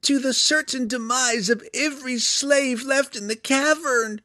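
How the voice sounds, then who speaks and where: A man voicing a huge male hook horror monster in an audiobook, speaking in a strained, booming, unnaturally high voice. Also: measured pace, sharp tone, no room sound, studio quality, exaggerated voice. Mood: urgent warning.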